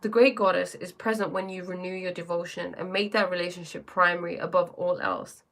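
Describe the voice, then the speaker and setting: A woman's voice: fairly low pitch, level tone, fairly quick, a bit bright. A woman hosting a live stream who chats casually, greets viewers by name and reads oracle cards aloud, often restarting her sentences.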